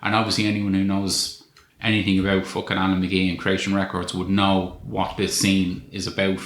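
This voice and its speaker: Sweary man, bright tense voice. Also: sits low, monotone, moderate pace. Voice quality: sweary, wry storytelling. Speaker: podcast co-host. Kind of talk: casual film review chat. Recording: echoey room with faint noise.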